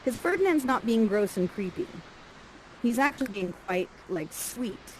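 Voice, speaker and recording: A woman coaching actors through a scene, lively and acting out lines for the performers. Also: fairly high pitch, normal speed, a little hiss or hum, low-quality recording.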